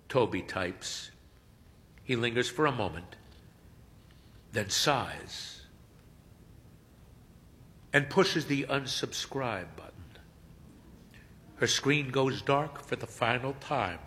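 A man narrates a story slowly and expressively, his pitch rising and falling widely. His voice is bright and forward, and a long reverb trails after each phrase. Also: expressive. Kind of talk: audiobook-style story narration.

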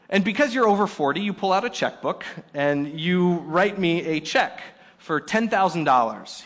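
A man delivers a sermon with a slightly high voice. He acts out quoted little scenes, rising loud and bright for emphasis, then dropping almost to a hush. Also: animated, normal speed. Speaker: pastor.

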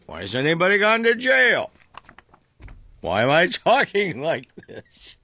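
A man doing an exaggerated, self-mocking impression of a male politician in a high voice. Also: sing-song, a little slow, fairly bright tone, heavily acted.

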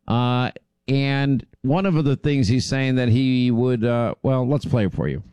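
Man, talk radio host, emphatic and indignant, mid-pitched, dry close mic. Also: unhurried, mellow, clean tone, no echo, lo-fi sound. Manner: indignant, emphatic, repeats himself.

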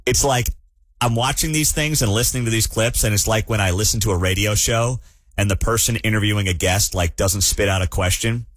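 A man's voice: lowish voice, fairly quick, fairly bright tone, no room sound, clean studio sound. A man hosting a talk radio show, sarcastic and mocking as he comments on clips. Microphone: studio microphone.

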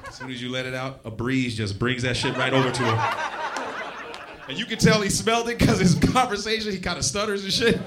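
A man's voice: mid-range voice, fairly even intonation, brisk, heavy background noise. A man doing a crude stand-up set in a comedy club, laughing at his own jokes and acting out voices. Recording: club with loud audience laughter.

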